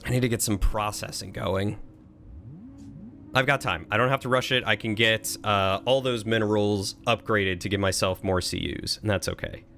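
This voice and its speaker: A man's voice: lowish voice, steady tone, normal speed, creaky, bright, forceful tone, soft background music. A man casually thinking aloud while streaming a strategy game, chatting with and thanking his viewers. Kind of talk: casual live-stream commentary.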